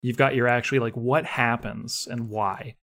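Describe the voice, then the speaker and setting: A man's voice: medium pitch, fairly even intonation, normal speed, fairly bright tone. A man co-hosting a podcast, chatting casually and ranting with animation about writing, laughing often. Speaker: podcast co-host.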